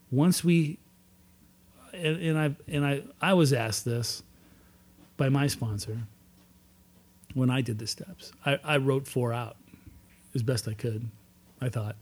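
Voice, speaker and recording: A man's voice: mid-range voice, takes it slowly, long pauses, darkish tone. A man speaking at a recovery meeting, telling his own story with earnest, emphatic repetition. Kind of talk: personal testimony talk.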